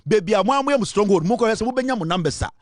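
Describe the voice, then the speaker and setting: A man's voice: high-pitched, animated, rapid-fire, a little mellow, dry recording, studio quality. A Ghanaian man hosting a political talk show, delivering a boastful, taunting monologue that mixes English and Twi.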